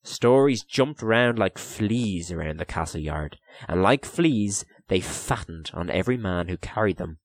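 Man narrating a storybook, measured, lots of melody, dry close sound. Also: low voice, animated, no room sound. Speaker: audiobook narrator.

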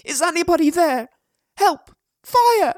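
A man's voice: extremely high pitch, big pitch swings, measured pace, dry recording, clean studio sound, voice pushed up, full character voice. A man reading a story voices a panicked boy who has survived a plane crash, calling out in a raised, urgent voice. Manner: shouting, breathless and urgent.

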